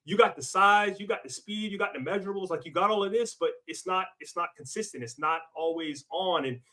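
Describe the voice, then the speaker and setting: A man's voice: sits high, fairly quick, bright, forceful tone. A man co-hosting a football podcast, talking casually and emphatically, often repeating himself. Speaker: podcast co-host. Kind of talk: casual football scouting talk.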